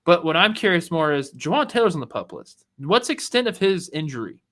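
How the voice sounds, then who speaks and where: A man's voice: on the high side, big pitch swings, fairly quick, fairly bright tone. Playful man joking on a podcast. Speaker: podcast co-host. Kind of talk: casual sports podcast chat.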